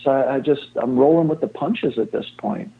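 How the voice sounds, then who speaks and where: A man's voice: medium pitch, normal speed, vocal fry, breathy edge. A man in his sixties, a fire chief, talking as an interview guest in a rambling, self-deprecating way and repeating himself often. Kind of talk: casual interview talk. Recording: tinny phone-line sound.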